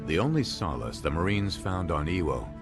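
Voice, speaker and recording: A man giving scripted documentary narration in a measured voice. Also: low-pitched, very animated, loud music behind the voice.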